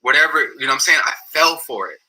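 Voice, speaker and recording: A man's voice: fairly high pitch, fast, a little hiss or hum, low-quality recording. A man telling, in casual and profane terms, what he went through with someone he used to follow, often acting out what others said. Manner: blunt, profane, animated when quoting others. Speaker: former associate telling his story. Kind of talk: casual storytelling.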